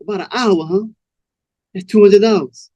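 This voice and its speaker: A man doing a cold smooth pimp. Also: high-pitched, normal speed, darkish tone, dry recording, voice pushed up. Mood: cool menacing.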